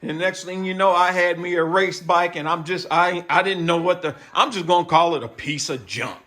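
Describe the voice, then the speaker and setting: A man's voice: sits high, moderate pace, sharp tone. A man chatting casually to camera in a motorcycle shop, telling a rambling story. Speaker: bike builder vlogger.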